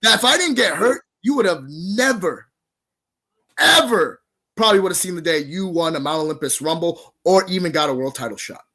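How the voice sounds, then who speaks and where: A man, a professional wrestler, cutting a heated in-character promo in an accusatory, shouting manner. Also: high-pitched, expressive, normal speed, slightly rough.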